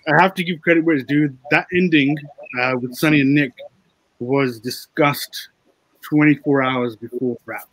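A man's voice: fairly high pitch, moderate pace, dry recording, low-quality recording. A man, a film director, chatting casually in an interview and explaining how the story came together. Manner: relaxed, explains, quotes others.

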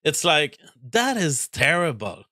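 A man's voice: a little high, very animated, slow pace, pushed and bright, no room sound, clean studio sound. A man hosting a show and giving a casual spoken film review, exasperated and rambling, often breaking off and restarting sentences.

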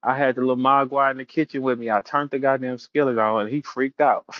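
A man's voice: mid-range voice, fairly even intonation, fast, dry recording, highs cut off. A man hosting a battle rap audio room, telling stories and taunting a rival in a profane, casual rant. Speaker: battle rap show host.

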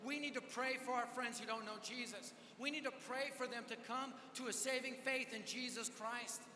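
High bright guy preaching, lively self-mocking storyteller, big echoey hall. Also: moderate pace, slight background noise. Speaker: youth event preacher. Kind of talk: storytelling sermon. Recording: echoey hall with live reverb.

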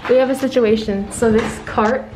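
A woman's voice: fairly high pitch, steady tone, normal speed. A young woman, a college freshman, chatting casually and enthusiastically as she vlogs unpacking in her dorm room, often saying "literally" and "like.". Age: young adult. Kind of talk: casual vlog narration. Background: music playing in the room.

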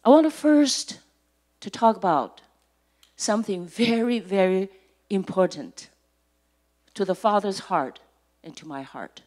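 A woman preaching a sermon at a church service, deliberate and emphatic, repeating key words and letting her phrase ends sink almost to a whisper. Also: mid-range voice, expressive, darkish tone. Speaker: church speaker.

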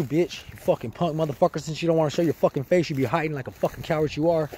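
A man in a furious, profane rant, hurling rapid insults. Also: on the high side, dark tone, breathy edge. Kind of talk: angry rant.

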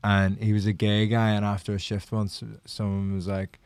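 A man with a fairly low voice talks through a story in a relaxed podcast chat. He teases the others with quick jokes, and the sound is dry and close. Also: clear, resonant tone, dry recording. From Ireland. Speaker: podcast co-host. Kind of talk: casual chat.

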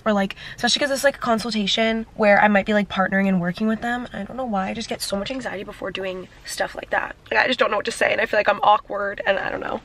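A woman's voice: medium pitch, slight background noise. A young woman in her twenties from New Jersey, chatting to the camera in a rambling vlog style and saying "like" often. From New Jersey, USA. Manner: chatty, rambling, heavy use of "like". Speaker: vlogger. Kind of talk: casual vlog chat to camera.

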